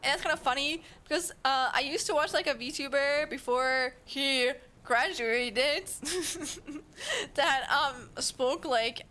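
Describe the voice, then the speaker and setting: A woman's voice: high-pitched, takes it slowly, bright, forceful tone. A young woman from Germany with a German accent, chatting casually with her stream viewers, giggling and rambling with lots of fillers. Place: home streaming setup.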